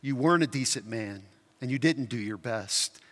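A man voicing a soft, patient heavenly friend. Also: mid-range voice, normal speed, pitched below the performer's own voice, lightly acted. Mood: gentle. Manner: calm, soft, kindly. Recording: reverberant hall.

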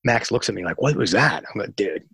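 A man with a somewhat low, husky voice tells an interview story, acting out the lines of the people he talks about. The sound is dry and close. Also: fairly quick, no echo. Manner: animated storyteller acting out dialogue. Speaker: music radio promotion executive.

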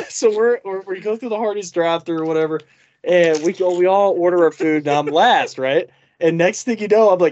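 A man's voice: high-pitched, moderate pace, a little mellow. A young man co-hosting a podcast, telling a story in casual chat and acting out the exchanges with laughter. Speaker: podcast co-host. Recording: dull lo-fi sound.

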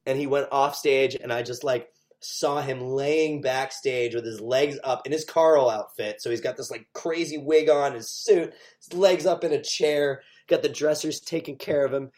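A man, a stage actor, chatting as an interview guest, animated and full of fillers. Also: mid-range voice, moderate pace, few pauses. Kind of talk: casual interview chat.

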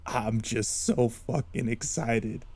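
A man's voice: medium pitch, steady tone, slow pace, darkish tone. A man playing his own character in a tabletop game, starstruck and gushing.

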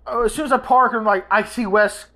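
A woman's voice: a little high, fairly quick. Rambling woman telling a family story. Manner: rambling, animated, restarts often. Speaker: podcast host. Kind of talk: casual storytelling chat.

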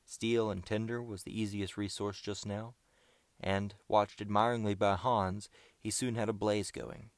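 A man reading an adventure story aloud in a steady, measured way. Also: lowish voice, no echo. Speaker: audiobook narrator. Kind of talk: scripted audiobook narration.

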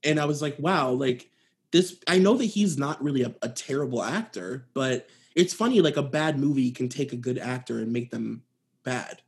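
A young woman in casual movie chat, animated and mocking, often acting out lines from the film. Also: rumbling low, normal speed. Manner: animated, mocking, acts out quotes.

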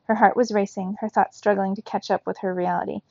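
Brief: woman reading a children's novel aloud, husky and gravelly, dry dull lo-fi recording. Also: mid-range voice, fairly quick. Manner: steady storybook narration. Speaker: reader.

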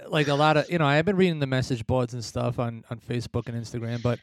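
A man's voice: medium pitch, flat delivery, fast, dry recording. A man co-hosting a casual wrestling chat, rambling and blunt, often laughing at his own remarks. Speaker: podcast co-host.

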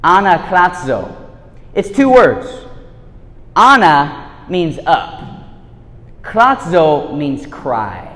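A man giving a casual sermon, laid-back and slangy, swinging between hushed and loud. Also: on the high side, very animated, very slow, pauses often. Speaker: preacher. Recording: echoey hall reverb.

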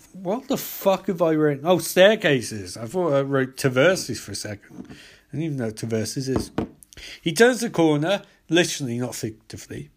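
A young man recapping a horror film, full of sarcastic, profane asides. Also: a little high. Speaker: film reviewer.

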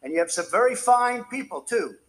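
A man's voice: very high voice, animated, fairly quick, poor audio. A man speaking as president, combative and repetitive, brushing off reporters. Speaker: president at a press conference. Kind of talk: speech and press conference remarks.

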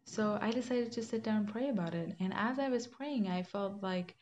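A young woman shares a reflective personal faith testimony, earnest and conversational, with fillers and restarts. Her medium-pitched voice is a little mellow at a moderate pace. The recording is slightly muffled, with faint background hiss.

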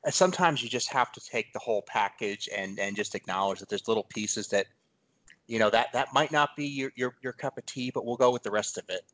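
Guy hosting a podcast, average voice, thinks out loud, lots of restarts. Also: medium pitch, brisk. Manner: thoughtful, hesitant, with frequent restarts and agreeing murmurs. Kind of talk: casual chat.

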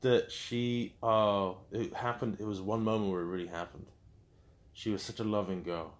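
A man's voice: fairly low pitch, steady tone, normal speed. A young man speaking candidly as an interview guest, telling his story openly and acting out quotes with animation.

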